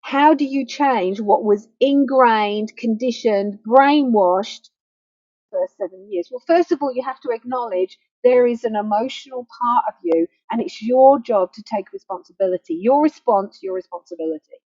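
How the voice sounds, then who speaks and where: A woman's voice: on the high side, normal speed, darkish tone, no room sound. A middle-aged woman counsellor giving an earnest, emphatic talk, repeating phrases for stress. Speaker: grief counsellor. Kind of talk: personal teaching talk. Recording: muffled faulty microphone.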